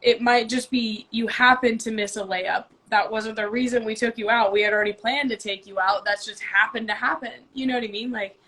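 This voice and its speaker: A woman's voice: a little high, steady tone, a little fast, hardly any pauses, a bit bright. A woman co-hosting a casual live-stream chat, talking earnestly and thinking aloud as she coaches a kids' team. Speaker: co-host and youth basketball coach.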